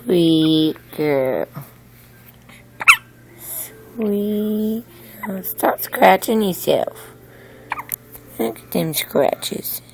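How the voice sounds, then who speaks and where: A young mother cooing to her newborn at home in soft baby talk, whispering softly and then rising into high squeals. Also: animated, drawn-out words, vocal fry, slight background noise.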